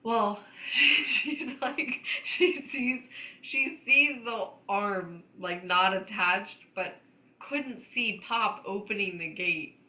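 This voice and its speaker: Woman, animated storyteller, bright voice, roomy echoey recording. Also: mid-range voice, slow. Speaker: podcast co-host. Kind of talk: casual chat, storytelling. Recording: roomy echo.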